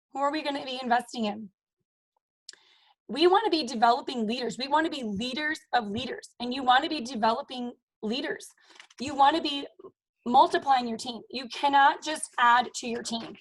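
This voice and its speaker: A woman's voice: sits high, poor audio. Upbeat woman giving a motivational team talk. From Maryland, US. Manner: upbeat, emphatic, repeats "you guys" and "okay?". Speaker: team leader.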